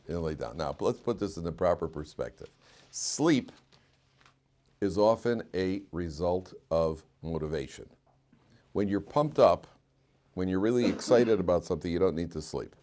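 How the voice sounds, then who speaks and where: A middle-aged man, a rabbi giving a Torah class, speaks in a lowish voice with animated swings in pitch. He stretches important phrases slowly and loudly and quizzes his listeners. For wry asides he drops low and quiet.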